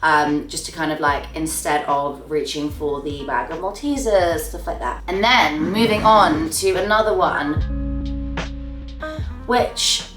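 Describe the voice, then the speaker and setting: A young female beauty vlogger chats casually to camera about her monthly favourites, gushing and letting her phrases trail off. Her voice is deep and slow, recorded from a distance in a roomy space, slightly off mic, with faint music behind her.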